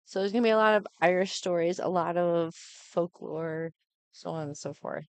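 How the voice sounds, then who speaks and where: A middle-aged woman talks casually to her live stream viewers, rambling along with plenty of ums and asides. Her voice sits a bit low. The sound is dry and close. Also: moderate pace, smooth, no echo. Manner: rambling, chatty, with many fillers.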